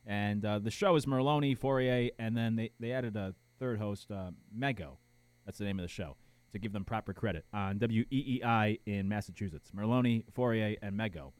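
A man hosting a sports talk show, reacting to radio clips in an animated, incredulous, rambling way. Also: on the low side, moderate pace, clean tone, dry recording. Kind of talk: casual sports commentary.

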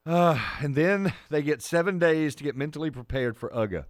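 A man's voice: fairly high pitch, expressive, moderate pace, no echo, clean studio sound. Emphatic sports radio host, a man. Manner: emphatic, repeats his points for effect; opinionated, argues his takes. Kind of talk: sports talk radio chat.

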